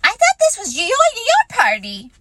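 A woman's voice: very high voice, wildly swooping pitch, a little slow, background noise, voice pushed up, full character voice. A woman voicing a tiny, timid young male piglet, small and anxious.

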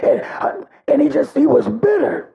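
A man preaching a sermon with great passion, his voice breaking into cries and shouts. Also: extremely high pitch, sing-song, normal speed, gravelly, muffled recording.

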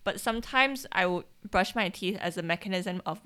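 A woman's voice: mid-range voice, normal speed, crowd noise. A young woman in her twenties co-hosting a podcast, chatting in a rambling way full of fillers. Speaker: podcast co-host. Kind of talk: casual chat.

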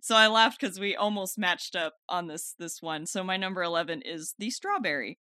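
A woman's voice: fairly low pitch, moderate pace, sharp tone, dry recording, studio quality. A woman co-hosting a casual chat, upbeat and full of fillers. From California. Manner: chatty, filler-heavy, upbeat, laughs often. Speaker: podcast co-host.

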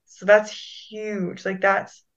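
A woman's voice: medium pitch, level tone, slow pace. A woman co-hosting a podcast, affirming and supportive, often restarting her sentences. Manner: warm, affirming, hesitant restarts. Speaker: podcast co-host. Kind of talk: casual chat. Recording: slightly dull audio.

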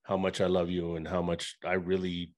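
A man's voice: low-pitched, monotone, normal speed. A man co-hosting a podcast, heartfelt and swearing, getting worked up when he tells stories. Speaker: podcast co-host. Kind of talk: casual podcast chat.

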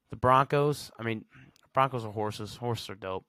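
A man's voice: fairly low pitch, normal speed, pushed and bright, no echo. A man hosting a solo podcast in a casual, slangy way, reading facts aloud and reacting with blunt verdicts. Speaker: podcast host.

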